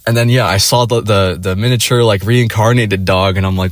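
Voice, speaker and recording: Rambling, profane young man, lowish voice. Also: fairly even intonation, a little fast, few pauses, dry recording, clean studio sound. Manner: rambling, profane, many fillers. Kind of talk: casual rant.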